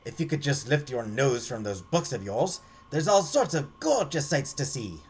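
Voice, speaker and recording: A man's voice: medium pitch, sing-song, moderate pace, a little hiss or hum, close to an everyday voice. Man doing a flowery French-accented gallant. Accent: French (put on). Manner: flowery, courtly, romantic. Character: snooty French-accented young male art graduate.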